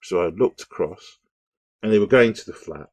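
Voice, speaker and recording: Husky, animated man telling a story. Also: deep voice, moderate pace, no echo. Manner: animated, rambling, with restarts and sound effects. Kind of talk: casual storytelling monologue.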